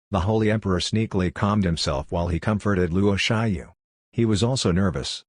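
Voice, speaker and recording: A man narrating an audiobook in a steady, plain way. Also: deep voice, normal speed, dry recording, studio quality. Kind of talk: scripted narration.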